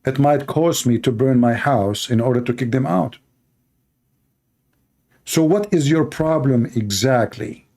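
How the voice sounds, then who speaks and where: A man's voice: mid-range voice, unhurried, long pauses, darkish tone. A man with Arabic as his first language, giving scornful, heated commentary on a video clip in broken English.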